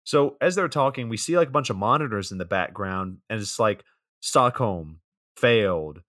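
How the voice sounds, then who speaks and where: A man with a fairly low, slightly bright voice and lively intonation co-hosts a podcast at a normal speed, with no room sound. He casually recaps scenes from a horror movie in a laid-back way, cracking dry jokes.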